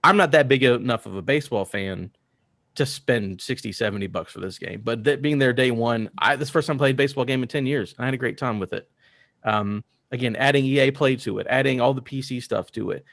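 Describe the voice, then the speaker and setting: A man's voice: medium pitch, quick pace, vocal fry, fairly bright tone, no room sound, clean studio sound. Rambling tipsy guy on a podcast. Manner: rambling, enthusiastic. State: drunk. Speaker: podcast co-host. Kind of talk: casual chat.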